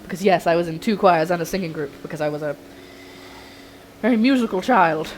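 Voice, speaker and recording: A young woman chatting to her viewers while cooking on a livestream in her home kitchen, excitable and a little flustered. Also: fairly low pitch, brisk, a little hiss or hum, poor audio. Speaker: streamer. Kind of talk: casual cooking livestream chat.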